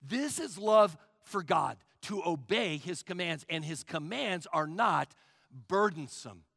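A man preaching a sermon in a high, animated voice that sits fairly high for a man and climbs and falls freely. His tone has a gravelly edge and a bright, forceful sound. He talks emphatically, asks the congregation question after question, and lets his phrases sink to a near hush at the end. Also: slow, no echo, studio quality. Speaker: pastor.

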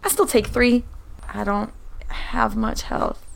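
A woman's voice: fairly high pitch, fairly even intonation, slow, gravelly. A woman player in a tabletop role-playing game, chatting casually and thinking aloud about rules and moves.

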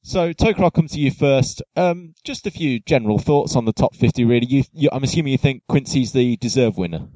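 A man's voice: mid-range voice, animated, brisk, few pauses, mellow, dry recording, poor audio. A man hosting a casual football podcast, chatty and friendly, with fillers and restarts. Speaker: podcast host.

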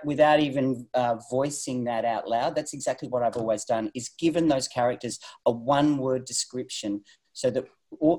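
Woman with a husky voice, keen working narrator adding her own prep habits. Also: extremely low pitch, dark tone, rough recording. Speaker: audiobook narrator. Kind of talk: casual group discussion.

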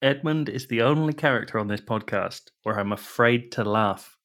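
A man's voice: mid-range voice, moderate pace, a bit bright. A man co-hosting a comedy podcast, teasing and giggling. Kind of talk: casual chat.

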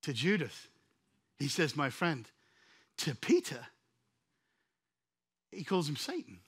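Impassioned husky preacher. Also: male voice, fairly high pitch, huge pitch swings, slow pace, fairly bright tone. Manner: impassioned, prophetic, addresses listeners by name. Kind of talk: sermon.

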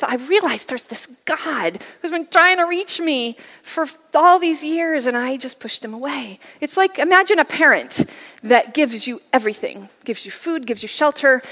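Earnest woman with a bright, higher voice. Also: big-room sound. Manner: earnest, conversational storytelling with sudden soft, hushed drops. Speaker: guest speaker sharing a testimony. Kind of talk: personal testimony talk. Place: church service.

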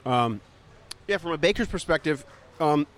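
Speaking at a normal speed in a highish voice with lively intonation, a male podcast co-host munches pizza on a casual food show. His explanations are thoughtful but halting, full of fillers, ums and restarts.

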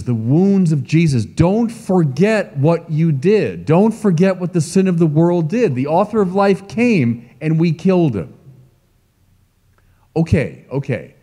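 Middle-aged male bishop, mellow and fairly high voice, emphatic sermon delivery, long church reverb. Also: breathy edge. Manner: emphatic, lively preaching with asides to the congregation. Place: large church.

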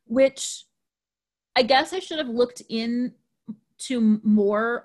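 A woman hosting a podcast, chatting casually and cheerfully about folklore, with frequent ums and likes. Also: fairly high pitch. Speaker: podcast host.

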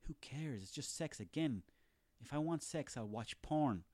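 An Irish man in his thirties rants for laughs, swearing freely and rambling from gripe to gripe with a sarcastic edge. His voice sits at an ordinary middle pitch, and the recording is close and dry with no room sound. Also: expressive, unhurried, a little mellow, dry recording. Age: 30s. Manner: profane, sarcastic, ranting, rambling. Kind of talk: comic rant monologue.

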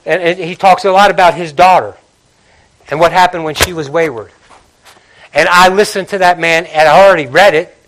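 An older male pastor with a high, ringing voice, in full sermon. He works a live congregation, driving hard on exhortations and then dropping low and intimate. The sound is bright and forward. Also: rough recording. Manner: impassioned preaching, swinging from loud exhortation to hushed confiding. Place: church before a live congregation.

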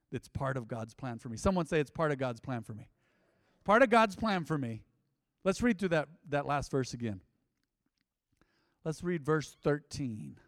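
A man's voice: medium pitch, expressive, moderate pace, pauses often, no echo, studio quality, big-room sound. A man in his fifties preaching a sermon in a church, conversational, calling on the congregation to repeat phrases back to him. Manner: call-and-response, conversational, asks congregation to repeat. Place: church sanctuary.

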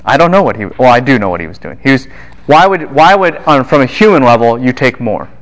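A man giving a Bible lecture to a class, animated and quick to fire questions at his students. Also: mid-range voice.

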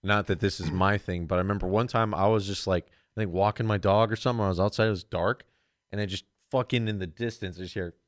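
A young man with a lowish voice rambles through profane stories on a casual podcast. He acts out the quotes in his tales. The sound is dry and close. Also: steady tone, quick pace, no room sound. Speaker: podcast co-host.

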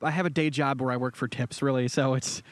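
A man's voice: mid-range voice, fairly even intonation, quick pace, slight background noise. Joking man with a Connecticut-New York accent. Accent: Connecticut mixed with New York. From Eastern Connecticut. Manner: laughs often, casual and swearing. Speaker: podcast host. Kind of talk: casual comedy podcast chat.

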